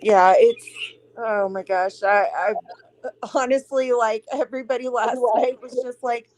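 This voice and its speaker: A woman's voice: fairly high pitch, steady tone, a little slow, a little mellow, dry recording. Chatty woman guest on a video call. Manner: chatty, apologetic, laughs often. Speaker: guest, host of a politics show. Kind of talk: casual online show chat. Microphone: computer mic on a video call.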